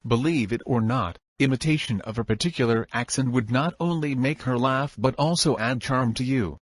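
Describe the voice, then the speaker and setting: Male audiobook narrator, mid-pitched voice, steady instructive delivery, dry close-mic sound. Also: moderate pace, breathy edge, no echo. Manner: even, instructive reading.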